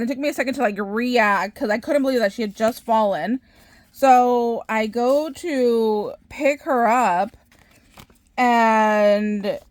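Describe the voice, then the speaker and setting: Chatty woman telling a story, bright voice. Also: on the high side, no room sound. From Southern California. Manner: chatty, animated, laughs often, many filler words. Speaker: craft channel host. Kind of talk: casual storytelling vlog.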